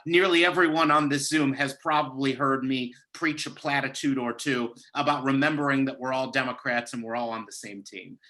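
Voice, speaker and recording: A man's voice: medium pitch, pushed and bright, low-quality recording. A man giving an impassioned political speech over a video call, rallying his audience with a repeated, building cadence. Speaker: candidate speaking at a party gala.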